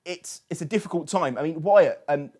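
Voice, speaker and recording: A man's voice: fairly high pitch, moderate pace, a little mellow. A man hosting a political talk show, asking long questions with frequent restarts. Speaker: host.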